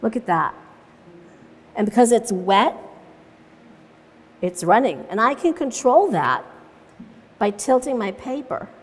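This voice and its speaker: A woman's voice: fairly high pitch, very animated, takes it slowly, pauses often, husky. A woman teaching watercolor in a live demonstration, chatting through each step as she paints and laughing easily as she tells stories. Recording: long reverb in a large room.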